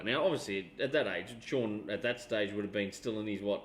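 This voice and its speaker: A man's voice: medium pitch, fairly quick, hardly any pauses, fairly bright tone, roomy sound. An Australian man co-hosting a casual chat show, rambling through anecdotes and swearing freely. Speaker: podcast co-host.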